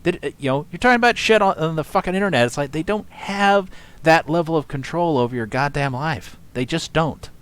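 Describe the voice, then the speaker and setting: A man hosting casual reaction commentary, rambling, swearing and scoffing between long pauses. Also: a little high, fairly bright tone, clear, resonant tone. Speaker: commentary host.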